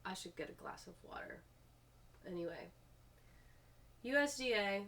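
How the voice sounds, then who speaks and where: Bright-voiced woman reading comments aloud. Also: mid-range voice, vocal fry. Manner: reads comments aloud, breaks off with frustrated asides. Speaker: video host reading public comments.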